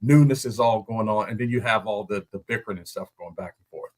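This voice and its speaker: Animated former lineman telling stories. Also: lowish voice, fast. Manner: animated storytelling, laughs often. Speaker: guest analyst, former NFL lineman. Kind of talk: casual podcast chat.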